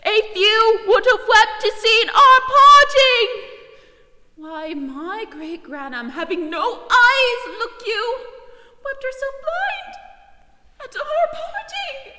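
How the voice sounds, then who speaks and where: A woman playing a comic young male servant who mourns over his dog, in an animated, mock-tragic style of amateur Shakespeare acting. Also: extremely high pitch, slow, hardly any pauses, full character voice. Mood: mock-grieving. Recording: long reverberant echo.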